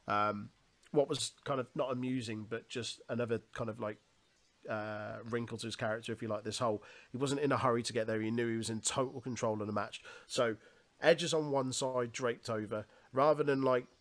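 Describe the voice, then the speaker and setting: Male co-host, relaxed conversational recap voice, middle pitch, laughs easily. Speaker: wrestling podcast co-host. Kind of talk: casual chat.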